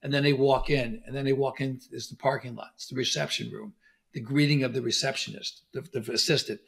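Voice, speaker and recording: A middle-aged man telling stories as a guest on an interview, animated and acting out quoted lines. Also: mid-range voice, brisk, gravelly. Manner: animated storyteller, acts out quotes. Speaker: podcast guest, dentist. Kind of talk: conversational interview.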